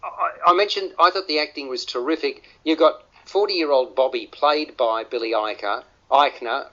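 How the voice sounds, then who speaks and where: A man's voice: fairly high pitch, normal speed, pushed and bright. Man, radio film review host, stammering restarts, dull lo-fi radio sound. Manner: stammering restarts, repeated words.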